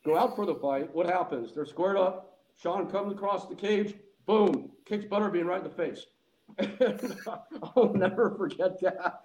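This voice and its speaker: Man, casual podcast storyteller, higher-pitched voice, animated and laughing, acts out the quotes. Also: lo-fi sound.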